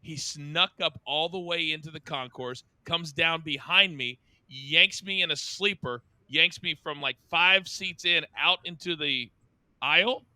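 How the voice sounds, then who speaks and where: A middle-aged man hosting a podcast, telling stories with a lively manner and acting out the quotes. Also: measured pace, smooth, no echo. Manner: lively, acts out quotes with big pitch jumps. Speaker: podcast host. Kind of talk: animated storytelling.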